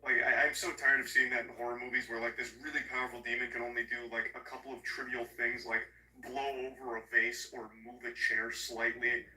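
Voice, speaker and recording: A man recapping a horror movie in a casual, comedic, profane way, sarcastic and animated. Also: medium pitch, brisk, few pauses, recorded from a distance. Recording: echoey room, voice off-mic.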